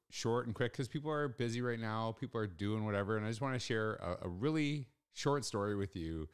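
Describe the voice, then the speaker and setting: A man's voice: on the low side, smooth. A middle-aged man hosting a solo podcast, telling a story in an earnest, reflective way. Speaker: podcast host.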